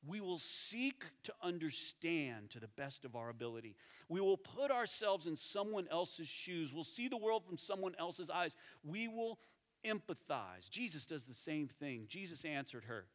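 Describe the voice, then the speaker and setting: Man preaching, fairly high voice, lively then hushed, long church reverb. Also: normal speed. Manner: animated, conversational, drops to soft tones for emphasis. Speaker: pastor. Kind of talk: sermon. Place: church sanctuary. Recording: reverberant hall.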